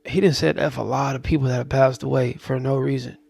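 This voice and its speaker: A man hosting casual reaction commentary, talking in a laid-back, conversational way with relaxed slang. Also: mid-range voice, a little fast, vocal fry, no echo. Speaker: host.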